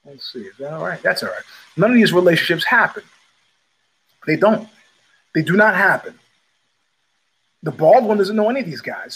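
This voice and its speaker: A man's voice: a little high, a bit bright, slightly rough, poor audio. A man hosting his own show, telling stories in a blunt, profane, casual monologue and repeating phrases for emphasis. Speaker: podcast host.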